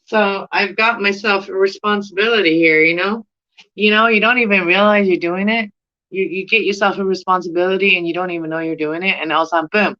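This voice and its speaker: A woman's voice: mid-range voice, fairly even intonation, fairly quick, sharp tone, highs cut off. A middle-aged Canadian woman with a Canadian accent, chatting casually to camera in a rambling, giggly way. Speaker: plant vlogger.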